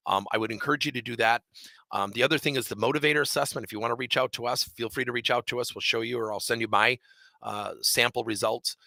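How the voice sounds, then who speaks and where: A man leading a leadership training session, telling a coaching story with animated, acted-out dialogue. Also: medium pitch, fast, creaky, no echo.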